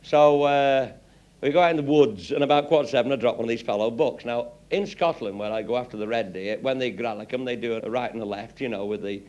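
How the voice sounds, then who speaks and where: A man's voice: medium pitch, fast talker, darkish tone, lo-fi sound. Salty rambling male storyteller. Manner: rambling, salty, swears constantly, laughs at own jokes. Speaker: raconteur. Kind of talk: comic anecdote telling.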